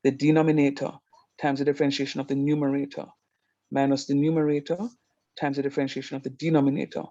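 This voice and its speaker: A man's voice: mid-range voice, fast, dry recording, highs cut off. A man teaching a math class over a video call, telling stories with emphasis before explaining rules. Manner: animated storytelling, emphatic. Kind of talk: online math lesson.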